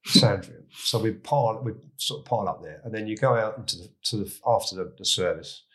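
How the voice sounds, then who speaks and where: Older english bloke, fairly low voice, spinning yarns as a guest, lots of restarts and little laughs. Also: male voice, fast, fairly bright tone. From England. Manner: chatty, restarts and repeats, laughs at own stories. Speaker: guest, retired police chief. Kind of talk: casual anecdotal storytelling.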